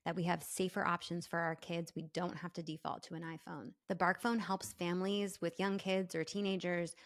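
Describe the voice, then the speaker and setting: A woman's voice: on the low side, level tone, normal speed. A woman hosting a conversational podcast interview, speaking earnestly about child safety and affirming her guest often. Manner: earnest, advocacy-minded, affirming with frequent mm-hmms. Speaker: podcast host.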